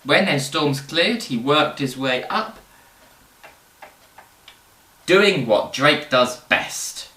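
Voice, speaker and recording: A man presenting history in casual educational storytelling, animated and rambling, with fillers and jokes. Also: fairly high pitch, extremely slow, long pauses. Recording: roomy, distant mic.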